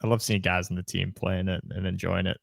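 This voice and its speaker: Young man, podcast co-host, low voice, casual chat, frequent restarts, dry close sound. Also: flat delivery, quick pace, gravelly, no room sound. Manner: chatty, trailing restarts and repeated words.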